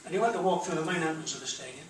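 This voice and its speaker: Geordie male stand-up, high-pitched, blunt and crude, roomy club sound from a distance. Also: very fast, background noise. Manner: blunt, crude punchline delivery. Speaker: stand-up comedian. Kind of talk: stand-up comedy set. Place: comedy club. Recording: roomy club recording from far off. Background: audience laughter.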